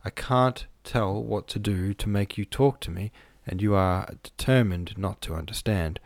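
A man's voice: lowish voice, a little slow, dry recording. A man voicing a petulant, pleading young woman, in an earnest, coaxing storybook reading. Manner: earnest and coaxing, then tearful.

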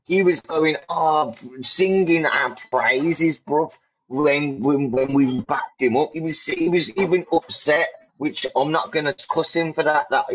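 A man's voice: fairly high pitch, a little hiss or hum. A man hosting a podcast, talking bluntly and swearing a lot, repeating himself for emphasis. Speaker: podcast host. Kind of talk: heated casual chat. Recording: dull lo-fi audio.

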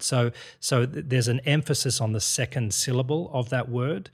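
This acting coach has a husky, mid-range voice and keeps a moderate pace with few pauses. Guiding an actor through Shakespeare, he analyzes rhythm and wording, encourages the performer, and restarts often.

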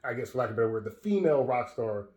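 A man in a relaxed film chat, thinking aloud with many "like"s and "um"s and swearing now and then. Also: medium pitch, racing. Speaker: podcast co-host. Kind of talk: casual film discussion. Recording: roomy echo.

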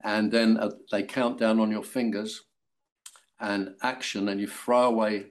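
An older English man, an actor guest, telling animated stories about his career and acting out quoted voices with frequent laughs. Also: on the low side, unhurried. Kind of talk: anecdotal interview.

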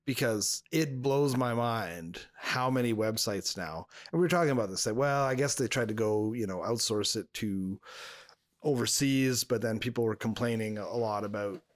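A man's voice: mid-range voice, normal speed, no echo, studio quality. A man co-hosting a podcast in casual chat, talking freely, laughing often and acting out quoted voices. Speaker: podcast co-host.

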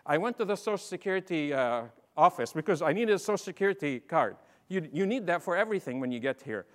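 Middle-aged man, animated, humorous keynote speaker; long reverb of a large hall. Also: a little high, fast talker. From Lebanon. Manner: animated, humorous, acts out dialogue. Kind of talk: storytelling talk to an audience.

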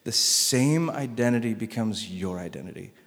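A male pastor preaching a sermon, swinging between loud emphatic lines and soft hushed ones. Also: on the low side, expressive, moderate pace, in a large hall.

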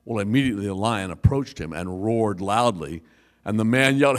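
A man preaching a sermon as pastor, telling jokes and stories in a lively way. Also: medium pitch, moderate pace.

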